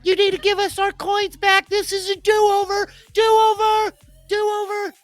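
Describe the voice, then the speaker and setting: Woman doing a bossy little girl, high, singsong, demanding. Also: little pitch movement, a little slow, soft background music. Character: pushy curly-haired eight-year-old girl.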